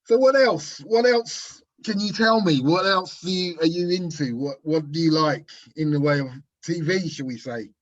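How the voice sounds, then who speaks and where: A podcast host with a mid-pitched voice asks relaxed questions and laughs along with his guest. The audio sounds dull and muffled, like a remote call. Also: normal speed. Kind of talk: casual podcast interview.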